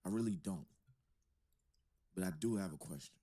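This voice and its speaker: A man's voice: deep voice, normal speed, dark tone. A man hosting a podcast, reacting with incredulous jokes and laughter in casual banter. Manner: incredulous, joking commentary with laughter. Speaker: podcast host.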